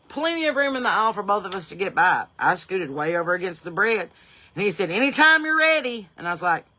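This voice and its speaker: A woman's voice: lowish voice, pushed and bright. A middle-aged woman with a Southern US accent, hosting a podcast and telling brash, profane, rambling comic stories. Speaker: podcast host. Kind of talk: comedic storytelling monologue.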